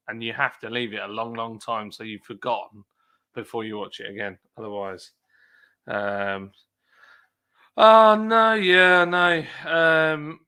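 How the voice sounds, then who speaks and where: Brief: male streamer, animated delivery, bright forward tone, chatty and jokey. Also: mid-range voice. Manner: lively, chatty, reads chat aloud and jokes. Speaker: livestream host. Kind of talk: casual chat with live chat readers.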